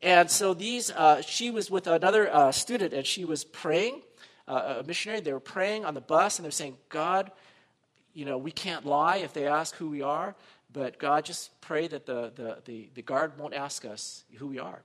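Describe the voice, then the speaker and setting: Male pastor, high bright voice, animated sermon storyteller who swings loud and soft. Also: moderate pace. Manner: animated, acts out quoted voices, swings between loud and hushed.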